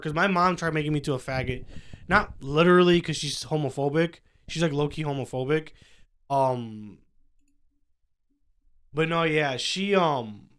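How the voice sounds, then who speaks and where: A man's voice: on the high side, fairly bright tone, smooth. A young man co-hosting a casual podcast chat, rambling with lots of fillers and restarts. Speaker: podcast co-host.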